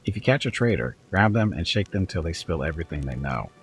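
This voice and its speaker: A man's voice: low-pitched, sing-song, fast talker, soft background music. A man voicing a sly, hard-edged male kobold bard in a game, lecturing and probing as he talks. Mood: ruthless. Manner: probing, lecturing, cold when talking of traitors. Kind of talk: reading game dialogue aloud.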